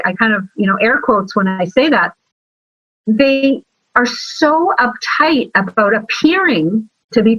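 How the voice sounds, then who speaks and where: A woman guest talking about sales and marketing in a lively interview, telling stories with emphatic, animated asides. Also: on the high side, no room sound. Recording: slightly dull, lo-fi sound.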